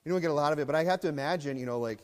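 A man preaching a sermon as pastor, swinging between low muttering and loud shouting. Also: rapid-fire, big-room sound.

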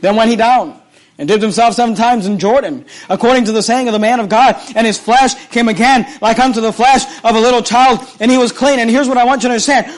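A man preaching a sermon, reading scripture aloud and retelling it with animated, repeated phrases that swing between loud and hushed. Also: extremely high pitch, quick pace.

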